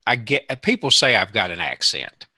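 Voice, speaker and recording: A man with a slight Southern accent co-hosting a casual chat show, self-deprecating and quick to chuckle. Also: on the low side, very animated, pushed and bright. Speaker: co-host.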